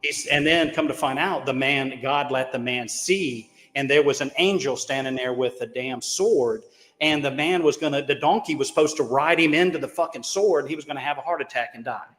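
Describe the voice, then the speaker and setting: A man's voice: medium pitch, moderate pace, a bit bright. A man telling rambling stories in a casual, profane, folksy and self-mocking way. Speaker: caller on a crypto talk show. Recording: long reverb on the voice.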